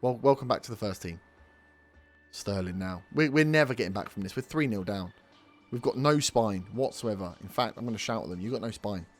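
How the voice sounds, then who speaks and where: Faint music sits under this gaming commentary, where a young let's play host with a fairly low pitch and lively intonation talks fairly quickly through his football management game. He berates his players and swears when frustrated.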